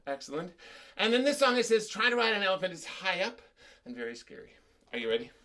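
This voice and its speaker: A man's voice: high-pitched, big pitch swings, fast talker, pushed and bright. A man teaching a children's music class over a video call, singing action songs and joking playfully with the kids. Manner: playful, sings and chants action songs with jokes for small children.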